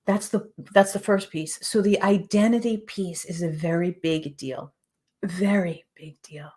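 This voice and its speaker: A woman hosting a show, speaking earnestly and emphatically in a motivational spiritual talk, repeating phrases and sometimes dropping to a soft whisper. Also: on the low side, unhurried. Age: adult with children.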